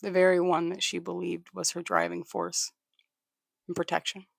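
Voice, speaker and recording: A livestream host tells a history story in a strongly gravelly, fry-heavy voice that sits in a middle pitch range. The delivery is halting, with frequent restarts and repeated words. The sound is dry and close, with no room echo. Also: monotone. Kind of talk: casual live storytelling, thanking viewers.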